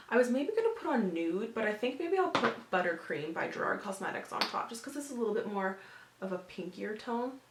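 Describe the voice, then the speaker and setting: Chatty young woman in a roomy room. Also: medium pitch. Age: 20s. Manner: chatty, filler-heavy, upbeat. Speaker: beauty vlogger. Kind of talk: casual makeup tutorial talk.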